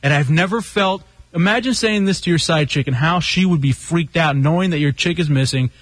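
A man's voice: a little high, fairly quick, dry recording. A man hosting a radio show, chatting casually, joking and reading quotes aloud. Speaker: radio host.

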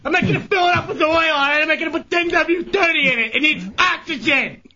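A man on a comedy radio show, ranting loudly and frantically and laughing through his complaints. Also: very high-pitched, quick pace, lo-fi sound.

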